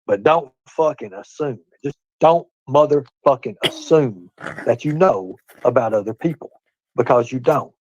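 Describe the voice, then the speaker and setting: A man's voice: mid-range voice, animated, measured pace, darkish tone, no room sound, muffled recording. A man delivering a repetitive, profane, lecturing rant in a clip played on a livestream.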